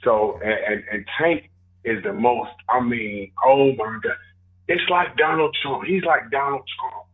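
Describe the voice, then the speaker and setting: A man co-hosting casual sports talk, joking and exaggerating in an animated way. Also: mid-range voice, a little slow, phone-quality sound. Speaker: co-host.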